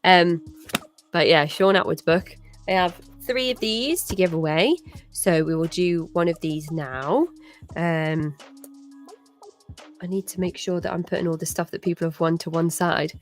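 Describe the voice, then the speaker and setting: A woman's voice: fairly low pitch, measured pace, faint music behind. A British woman hosting a live charity stream, chatting casually with lots of fillers and restarts. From Britain. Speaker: stream host.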